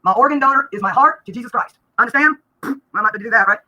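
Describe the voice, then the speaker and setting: A woman, venting bluntly and rapidly during a live-stream vlog, breaking into laughter now and then. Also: on the high side, bright, forceful tone. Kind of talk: rambling live-stream rant.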